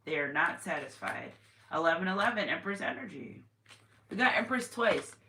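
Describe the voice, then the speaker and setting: A woman's voice: lowish voice, lively intonation, moderate pace, pushed and bright. A woman giving a casual tarot reading to her viewers, chatty and repetitive with sudden exclamations. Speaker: tarot reader. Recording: echoey room with faint noise.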